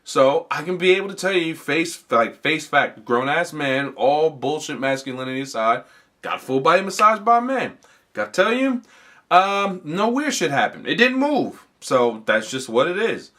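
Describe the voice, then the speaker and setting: A man's voice: a little high, expressive, moderate pace, bright, forceful tone. A man hosting a comedy podcast, telling a rambling, profane story in a casual way, full of fillers and restarts. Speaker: podcast host.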